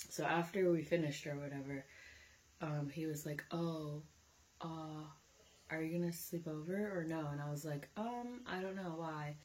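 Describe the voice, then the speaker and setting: A woman's voice: lowish voice, steady tone, measured pace, a little mellow. A young woman vlogging casually, chatty and candid and swearing freely as she tells a story.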